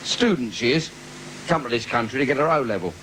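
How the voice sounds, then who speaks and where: A man's voice: medium pitch, animated, fairly quick, a bit bright. A man with a London accent doing a bawdy stand-up routine in a live theatre, bantering cheekily with the crowd and laughing at his own jokes. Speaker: stand-up comedian. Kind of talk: live comedy club routine. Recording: noisy 1980s live video.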